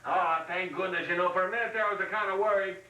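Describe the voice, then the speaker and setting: A man voices a jittery, easygoing joke thief who rattles along in a high, bright voice. The dull home tape puts him in a roomy room, away from the mic. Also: fairly even intonation, recorded from a distance. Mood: relieved. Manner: rapid, easygoing, says "man" a lot. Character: laid-back joke-stealing man, nervous.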